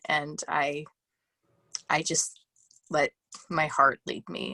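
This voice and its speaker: Low, bright-voiced earnest woman. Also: steady tone, unhurried, no echo. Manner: earnest and heartfelt, close to tears. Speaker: group participant.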